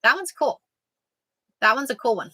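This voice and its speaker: A woman's voice: fairly high pitch, lively intonation, moderate pace, sharp tone, slightly rough, low-quality recording. A woman chatting casually as a quilting vlogger, joking and answering viewers. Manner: chatty, jokey, reads out sayings and answers viewers. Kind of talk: casual live chat.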